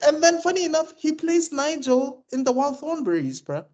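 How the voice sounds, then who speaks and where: A man's voice: extremely high pitch, big pitch swings, normal speed, a little mellow. A man co-hosting a casual podcast chat, slangy and laughing as he shares trivia. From South Africa. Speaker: podcast co-host. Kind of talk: casual chat reviewing a TV show.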